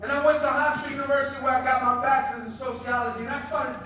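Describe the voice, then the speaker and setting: A middle-aged man, a social worker, giving a motivational speech and telling stories with passion that rises to loud emphasis. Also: very high voice, level tone, rapid-fire. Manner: impassioned storytelling, rising to loud emphasis. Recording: very echoey hall, distant mic, faint noise.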